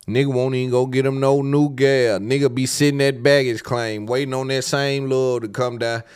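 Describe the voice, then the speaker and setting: A man's voice: mid-range voice, moderate pace, darkish tone, clean tone, dry recording, studio quality. A man hosting a podcast in casual solo commentary, laid-back and slangy, rambling with repeated fillers. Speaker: podcast host.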